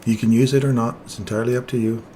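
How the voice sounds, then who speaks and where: A man hosting a live trading stream, explaining chart entries in a relaxed, jokey way. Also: medium pitch, very fast, a little hiss or hum. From England.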